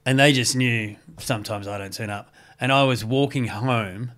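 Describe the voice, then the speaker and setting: A man co-hosting a podcast, trading quick wry quips and asides in casual chat. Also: mid-range voice, fairly bright tone. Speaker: podcast co-host. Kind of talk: casual banter.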